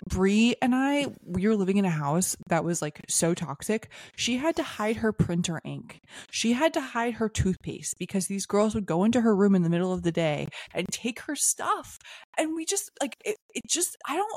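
A woman's voice: mid-range voice, big pitch swings, normal speed, darkish tone, no echo. A young woman co-hosting a podcast in a casual, chatty way, agreeing readily and trailing off mid-thought. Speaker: podcast co-host. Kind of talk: casual chat.

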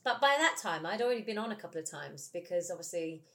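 Chatty british lady in a casual interview, animated n laughing. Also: lowish voice, fast. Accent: British English. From England. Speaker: musical theatre actress, guest.

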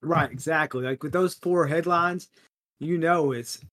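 A man's voice: fairly high pitch, measured pace. A man co-hosting a podcast, chatting casually about movies with plenty of fillers and laughter. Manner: animated, laughing, lots of fillers. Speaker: podcast co-host. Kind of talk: casual chat.

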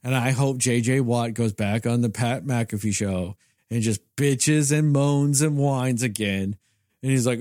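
A man's voice: medium pitch, measured pace, darkish tone, no room sound, clean studio sound. A man co-hosting a podcast in casual chat, ranting in a heated, profane way. He is from Texas. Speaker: podcast co-host.

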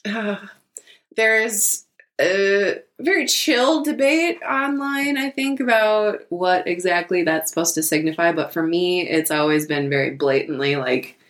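A woman's voice: lowish voice, measured pace, a bit bright. A woman co-hosting a casual podcast chat, blunt and swearing often. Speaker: podcast co-host.

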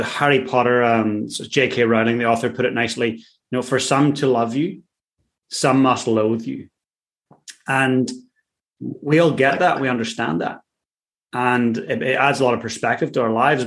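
Irish male coach, unhurried storyteller, mid-pitched. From Ireland. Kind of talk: podcast conversation.

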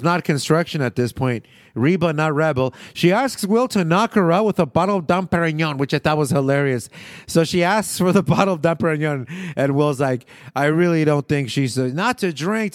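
A man casually recapping a sitcom episode, animated and profane, often laughing and acting out quotes. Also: fairly high pitch, no room sound, clean studio sound. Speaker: podcast host recapping a sitcom.

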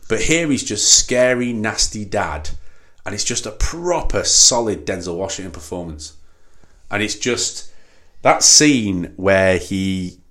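Male co-host, low register, animated delivery, casual film talk with frequent restarts. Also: measured pace. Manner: animated, laughs often, stammering restarts. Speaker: podcast co-host.

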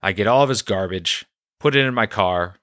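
A man hosting a storytelling podcast, recounting a personal story in a deadpan, conversational way. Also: lowish voice, moderate pace, no echo, studio quality.

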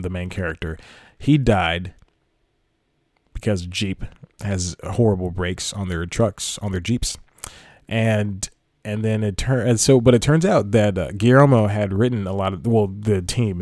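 A man's voice: lowish voice, a little mellow, no room sound, studio quality. A man hosting a casual podcast, rambling through his thoughts and laughing at his own slip-ups. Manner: rambling, self-correcting, laughs at own slips. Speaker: podcast host. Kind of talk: casual solo podcast talk.

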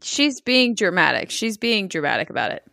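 A woman's voice: mid-range voice, sing-song, normal speed, vocal fry, sharp tone, dry recording, clean studio sound. A woman co-hosting a casual reality TV recap podcast, blunt and swearing heavily. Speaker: podcast co-host.

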